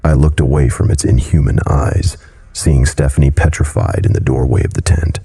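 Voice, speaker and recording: A man narrating a horror story in a grave, measured way. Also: a bass voice, steady tone, warm tone, slightly rough. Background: faint music.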